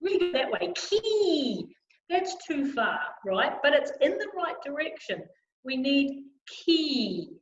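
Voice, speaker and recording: High-voiced woman coaching a choir. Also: sing-song, moderate pace, a little hiss or hum. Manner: encouraging, demonstrates sounds loudly. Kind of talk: online vocal warm-up lesson. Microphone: video call. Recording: roomy, slightly dull video call audio.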